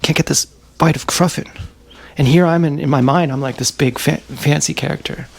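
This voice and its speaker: Male vlogger, meandering musing monologue; gravelly, slightly raised pitch, faint hiss. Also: fairly even intonation, moderate pace. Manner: musing, meandering, talks to his dogs. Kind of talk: rambling casual monologue. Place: home with dogs.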